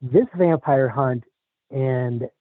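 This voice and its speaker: Male guest on remote call, measured storytelling with fillers, narrow lo-fi audio. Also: medium pitch, dry recording. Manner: measured, hesitant, lots of fillers. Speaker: podcast guest. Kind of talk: casual interview, storytelling. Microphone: video call.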